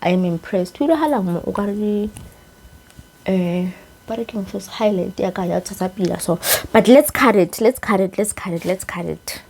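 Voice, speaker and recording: A young South African woman chatting casually as she reviews a wig, excitable and expressive, switching languages mid-sentence. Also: mid-range voice, normal speed. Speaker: beauty YouTuber reviewing a wig. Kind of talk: casual chat.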